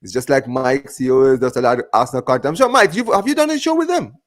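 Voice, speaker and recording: A man's voice: mid-range voice, expressive, fast talker. A man hosting a live football watch-along, reading out viewer comments and joking with his co-hosts in a casual way. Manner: reads out viewer comments, banters with co-hosts, says "man" and "bro" a lot. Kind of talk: casual live-stream chat.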